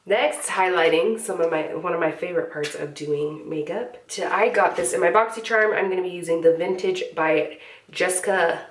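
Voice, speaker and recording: A woman's voice: lowish voice, moderate pace, far from the mic, a little hiss or hum. A young woman chatting casually through a makeup tutorial, with sniffles from a cold. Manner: chatty, relaxed, filler-heavy. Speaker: beauty vlogger. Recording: echoey room, slightly off-mic.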